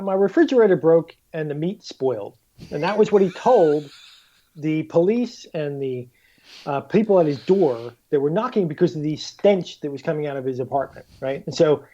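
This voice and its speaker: A man's voice: on the high side, muffled recording. A man guest on a casual podcast, telling stories animatedly and acting out quotes. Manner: animated storyteller, acts out quotes with swearing. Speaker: guest author.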